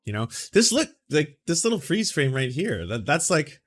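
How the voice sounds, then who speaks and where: A man's voice: on the high side, sing-song, moderate pace. A man hosting a casual reaction commentary, ranting in a profane, rambling way with frequent restarts. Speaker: YouTube commentary host.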